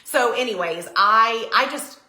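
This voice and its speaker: Chatty middle-aged lady crafting live, bright sharp voice, echoey room. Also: a little high, measured pace. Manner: chatty, excitable, talks to viewers in chat. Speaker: crafting livestream host. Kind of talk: casual live chat while crafting.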